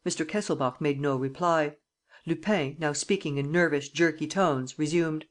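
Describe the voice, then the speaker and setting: An audiobook narrator reading a classic mystery novel in a measured storytelling manner. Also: mid-range voice, steady tone.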